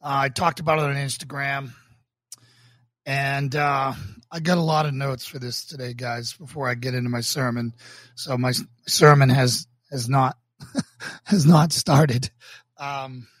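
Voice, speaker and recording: A man from Boston, a pastor hosting his own livestream, talking earnestly and emotionally with halting restarts before moving into a sermon. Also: medium pitch, fairly even intonation, a bit bright, dry recording, studio quality. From Boston, United States. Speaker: pastor and show host. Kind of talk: livestreamed casual talk leading into a sermon.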